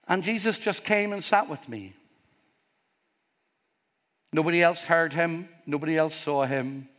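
A man's voice: a little high, a bit bright. A middle-aged man preaching a sermon as pastor, earnest and openly vulnerable, rising to emphatic peaks. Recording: long hall reverb.

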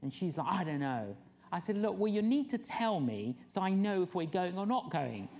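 A woman's voice: mid-range voice, moderate pace. A middle-aged woman, preaching a sermon and telling stories, acting out the people she quotes. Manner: animated storyteller, acts out quoted people with laughs. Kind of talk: sermon storytelling.

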